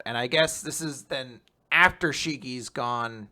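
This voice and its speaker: Animated young man recapping manga. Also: medium pitch, a little slow. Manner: animated, laughs often, acts out scenes. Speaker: podcast co-host. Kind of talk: casual manga recap chat.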